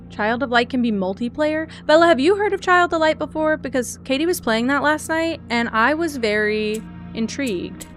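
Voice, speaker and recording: A young adult woman streaming, chatting casually and gushing excitedly, swinging between loud squeals and soft teary asides. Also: fairly high pitch. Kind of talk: casual live-stream chat.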